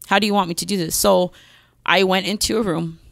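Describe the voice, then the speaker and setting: A woman telling her life story as a podcast guest, speaking candidly and pausing often with "um.". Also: medium pitch, steady tone, vocal fry, no room sound, clean studio sound. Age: adult mother with several children. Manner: candid, frequent "um" pauses, acts out her past self. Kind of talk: personal testimony in a podcast interview.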